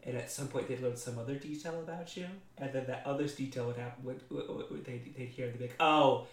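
A man's voice: mid-range voice, fairly even intonation, fast, darkish tone. A man in casual chat, teasing and prompting his co-host with questions. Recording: roomy echo.

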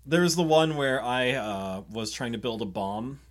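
A man co-hosting a podcast, telling game stories in a relaxed way and laughing often. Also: mid-range voice, moderate pace. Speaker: podcast co-host. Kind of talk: casual chat.

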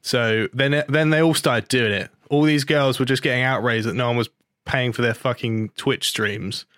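Man, podcast host, outraged sweary rant, sarcastic, dry close sound, mid pitch. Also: moderate pace, a bit bright, no echo. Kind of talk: ranting casual podcast talk.

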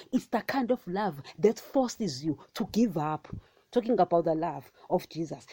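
A woman giving a casual, animated sermon on a podcast, often calling her listeners guys and repeating phrases for emphasis. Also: medium pitch, breathy edge, no room sound. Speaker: podcast preacher.

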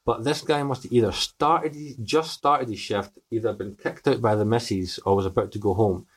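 A man's voice: lowish voice, moderate pace, breathy edge. A young Scottish man, a podcast guest, telling a story casually with lots of swearing and acted-out quotes.

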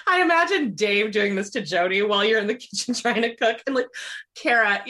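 A woman in a casual podcast chat, gossipy and quick to laugh. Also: medium pitch, animated, sharp tone.

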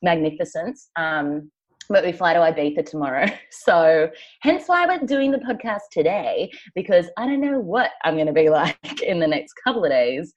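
A woman's voice: on the low side, animated, moderate pace, muffled recording. A woman co-hosting a podcast in casual chat, rambling through travel stories and laughing often. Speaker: podcast co-host. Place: travelling, recording remotely.

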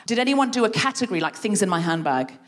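A woman guest leading a playful creativity game for a live audience, encouraging and animated. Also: mid-range voice, fast. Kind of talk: live comedy podcast workshop. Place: stage before a live audience.

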